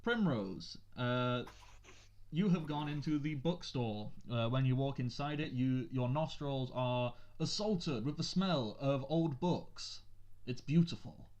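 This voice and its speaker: A man running a tabletop game as game master, narrating in a relaxed way with many uhs and ums. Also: mid-range voice, takes it slowly, highs cut off.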